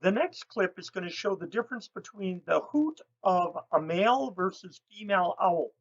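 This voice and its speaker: A woman raptor educator telling lively stories and mimicking bird calls as she explains owl behavior. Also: mid-range voice, normal speed, highs cut off. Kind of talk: educational storytelling.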